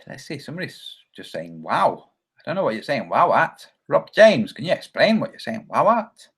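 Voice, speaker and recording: A man's voice: sing-song, moderate pace, breathy edge. A man hosting a casual livestream, rambling and joking, reading viewer comments aloud and acting out quoted voices. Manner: acts out quoted voices with big pitch jumps. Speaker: livestream host.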